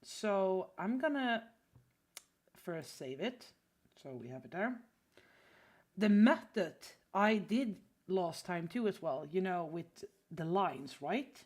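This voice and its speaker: A woman's voice: fairly low pitch, animated, slow pace, a little mellow. A woman teaching drawing on a casual livestream, chatty and full of fillers, often apologizing while she reads chat. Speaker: art streamer teaching drawing.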